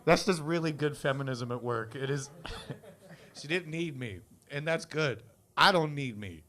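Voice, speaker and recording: A young man working the crowd at a comedy club, his voice a touch higher than most men's. He delivers self-mocking bits in a deadpan way, with quick asides to the audience. He speaks into a handheld stage mic. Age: 20s. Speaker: comedy show host. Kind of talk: live stand-up crowd work.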